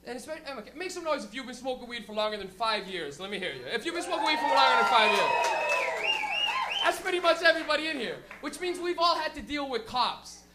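A stand-up comedian doing a live set, rowdy and profane, breaking into loud shouted impressions. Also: high voice, very animated, fast, a crowd in the background, noisy background.

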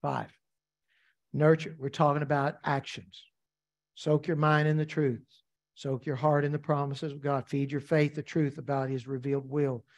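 A man's voice: a little high, level tone, normal speed, highs cut off. A man preaching a sermon as pastor, emphatic and repetitive, asking the congregation rhetorical questions.

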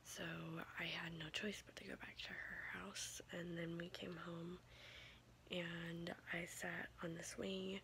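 Sleepy woman whispering slowly. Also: fairly low pitch, level tone, gravelly, a little hiss or hum, rough recording. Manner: hushed, rambling, trailing off with soft laughs. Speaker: vlogger. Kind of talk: whispered late-night vlog.

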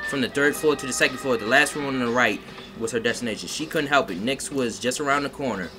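A man reads a fanfiction aloud for a live-stream audience, slipping into mocking asides. Steady background music plays behind his voice the whole time. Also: mid-range voice, fast, rough recording. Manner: mocking, breaks off to comment and laugh. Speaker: fanfiction reader.

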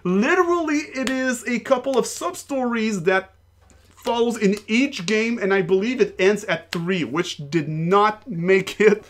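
A man's voice: high voice, measured pace, a bit bright. A man casually commenting while playing a video game, rambling, swearing and laughing often. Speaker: let's play host.

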